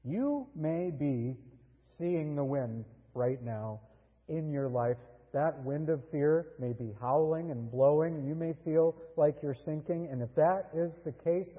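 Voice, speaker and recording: Slow, husky-voiced preaching man. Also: on the high side, long reverb tail, phone-quality sound. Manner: slow, earnest preaching with dramatic pauses. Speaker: pastor. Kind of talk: sermon.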